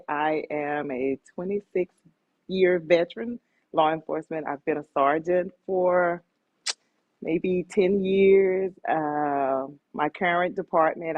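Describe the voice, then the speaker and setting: A woman's voice: low voice, no echo, narrow, tinny audio. A middle-aged woman, a police sergeant, giving plain, matter-of-fact interview answers over a video call.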